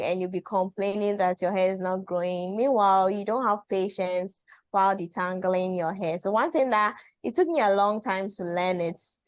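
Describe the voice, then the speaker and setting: A woman's voice: medium pitch, dry recording. Woman giving earnest advice on a dry call. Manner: thoughtful, repeats herself, slow build-up with fillers. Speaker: webinar contributor. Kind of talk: casual advice sharing. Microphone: video call.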